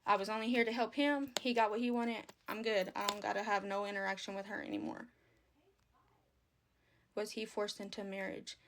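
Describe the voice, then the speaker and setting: A young adult woman chats casually with viewers on her phone livestream, full of fillers and relaxed Southern phrasing. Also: mid-range voice, brisk, pauses often. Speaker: livestream host. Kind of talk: casual live stream chat.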